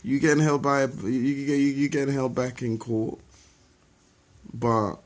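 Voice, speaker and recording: A man's voice: mid-range voice, steady tone, unhurried. A young man delivering a sarcastic, confrontational spoken-word monologue straight at his listeners. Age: young adult. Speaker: rapper.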